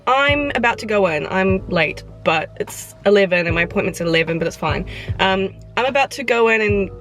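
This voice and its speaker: A woman's voice: medium pitch, animated, fairly quick, fairly bright tone, soft background music. A woman of about twenty chatting casually to her camera in a vlog, rambling and self-deprecating. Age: 20s. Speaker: vlogger.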